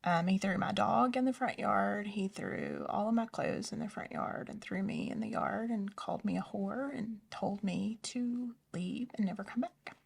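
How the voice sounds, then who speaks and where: A woman telling her personal story in an interview, soft-spoken and hesitant, often dropping to a near whisper. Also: medium pitch, moderate pace, creaky, breathy edge, recorded from a distance. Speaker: interview guest. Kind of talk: personal testimony in a conversation.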